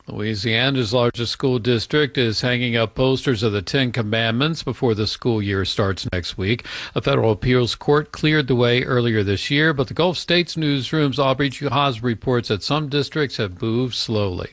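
A man reading a radio newscast as the anchor, in a measured, even newsreader delivery. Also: mid-range voice, no room sound. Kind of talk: scripted news reading.

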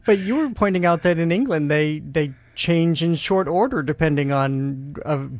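A man's voice: fairly high pitch, moderate pace, dry recording. A man hosting a radio culture show, interviewing a guest and signing off. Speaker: radio host. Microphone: studio microphone.

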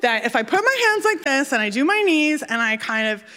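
A woman with a fairly high voice tells a personal story on stage, animated and self-deprecating. She acts out the people in it as she goes, and every line trails off into the long echo of a large hall. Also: a little fast.

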